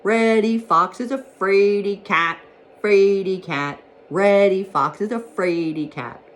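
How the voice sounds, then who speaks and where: A woman voicing a fat little male woodchuck in a children's storybook, chanting in a slow, singsong, taunting way. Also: mid-range voice, pitched above the performer's own voice, lightly acted.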